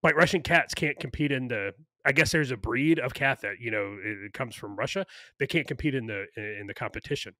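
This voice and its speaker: A man's voice: medium pitch, a little fast, sharp tone, no room sound, studio quality. A man co-hosting a podcast in casual, opinionated chat, ranting with lots of fillers and profanity. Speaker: podcast co-host.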